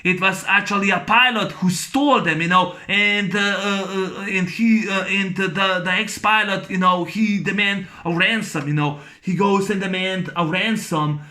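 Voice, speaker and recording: A man reviewing a movie in a casual, rambling monologue, full of fillers and restarts, who breaks into excited sound effects and laughs as he recounts scenes. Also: sits high, normal speed, few pauses.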